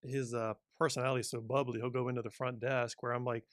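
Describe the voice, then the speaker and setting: Quick talking guy co-hosting a podcast, eager, dry mic. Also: medium pitch, flat delivery, dry recording. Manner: quick, enthusiastic, full of praise. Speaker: podcast co-host, real estate agent. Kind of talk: casual chat.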